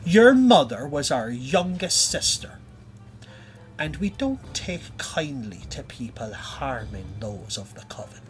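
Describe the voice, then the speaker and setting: A man voicing a scheming old hag aunt who mocks and threatens, slipping into whispers. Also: mid-range voice. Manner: sly, mocking, drops to whispers. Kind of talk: tabletop game role-play.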